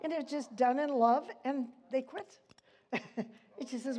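Older woman, high-ish voice, informal Bible teaching, chatty, rambling, laughs a lot. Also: a little slow, dark tone.

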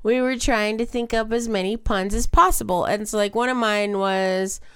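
A woman's voice: medium pitch, steady tone, moderate pace, fairly bright tone, clear, resonant tone, dry recording, clean studio sound. A woman co-hosting a home podcast, chatting and giggling often. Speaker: podcast co-host. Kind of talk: casual chat.

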